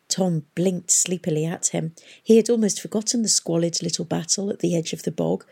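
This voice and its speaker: A woman narrates an audiobook at a measured, unhurried pace. Her voice is low and dark, with a husky, gravelly texture. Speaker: audiobook reader.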